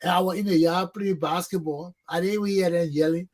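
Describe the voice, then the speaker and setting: Husky-voiced man telling stories. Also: high voice, fairly quick. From Liberia. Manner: animated, acts out shouted quotes. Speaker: talk show host. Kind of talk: casual storytelling.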